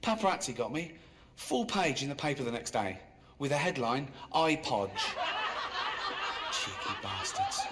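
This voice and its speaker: A man doing stand-up in a dry, self-mocking way that jumps into high, exasperated squeals. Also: very animated, unhurried, fairly bright tone. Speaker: stand-up comedian. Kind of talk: stand-up routine. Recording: live comedy club with crowd laughter. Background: audience laughing.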